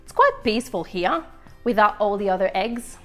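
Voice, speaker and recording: A woman's voice: mid-range voice, wildly swooping pitch, normal speed, soft background music. A woman voicing a chatty, easily flustered little male egg who leads his friends, in a storytime read-aloud. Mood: musing.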